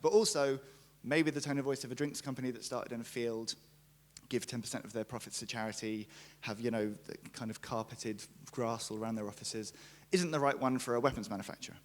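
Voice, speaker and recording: A young man giving a conference talk, jokey and lively, acting out quotes as he tells stories. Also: medium pitch, fast. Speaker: conference speaker, brand writer. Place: conference stage.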